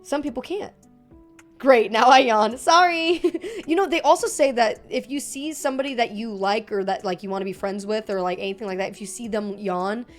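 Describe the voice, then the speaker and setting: A young woman streaming from her room at home, chatting casually with viewers, reading chat aloud and joking between giggles. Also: medium pitch.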